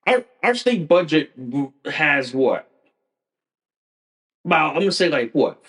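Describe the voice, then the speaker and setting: A man's voice: on the high side, big pitch swings, unhurried, a bit bright. A male podcast host delivering a profane, repetitive, combative political rant, speaking directly to his listeners. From Connecticut. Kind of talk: ranting political commentary.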